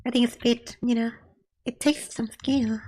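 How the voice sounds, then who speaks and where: A woman's voice: a little high, fairly even intonation, moderate pace, darkish tone, soft background music, rough recording. A woman streamer chatting casually while reacting to cartoon episodes, laughing and often saying not gonna lie. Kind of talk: casual live-stream chat.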